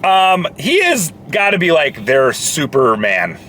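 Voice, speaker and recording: Lively, high-voiced young man in a car. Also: takes it slowly, slight background noise. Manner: excitable, profane, animated. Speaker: co-host reviewing movies. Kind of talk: casual chat in a car. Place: parked car after a movie.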